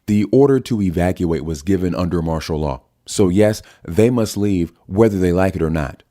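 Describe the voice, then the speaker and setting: A male narrator plays a matter-of-fact male lawyer who speaks firmly. The voice stays low and dark, close to his own. It is read as part of an audiobook. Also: normal speed, close to an everyday voice. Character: dry male lawyer pundit.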